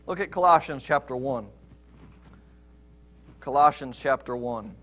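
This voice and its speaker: A man with a fairly high voice preaches a sermon in a church. He hammers home points with rhetorical questions, then drops low and quiet to read scripture aloud. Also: lively intonation, unhurried, pauses often. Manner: emphatic, rhetorical questions, shifts between loud stress and quiet scripture reading. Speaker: pastor.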